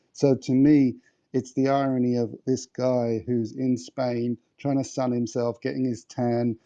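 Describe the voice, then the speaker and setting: Man, English accent, podcast panelist, measured, dull lo-fi sound. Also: medium pitch, dark tone. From England. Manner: measured, explains his own theory. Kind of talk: casual discussion.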